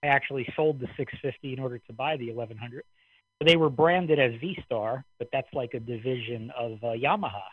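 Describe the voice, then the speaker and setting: A man from the Midwest calling into an amateur radio net, talking in a relaxed, rambling way and slightly out of breath. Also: mid-range voice, a little fast, slightly rough, no echo. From American Midwest. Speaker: caller on the net. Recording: dry radio transmission, phone-like band.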